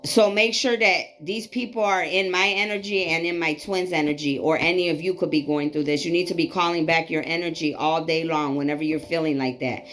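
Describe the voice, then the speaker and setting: A woman's voice: deep voice, fairly even intonation, fairly quick, hardly any pauses, a bit bright. A woman in her late forties giving an emphatic, repetitive spiritual tarot reading, preachy and casually profane. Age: 40s. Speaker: psychic reader.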